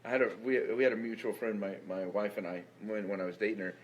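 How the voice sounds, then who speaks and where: A man's voice: fairly low pitch, fast talker, slight background noise, low-quality recording. A man hosting a casual interview, telling anecdotes and tagging phrases with "right?". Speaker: host.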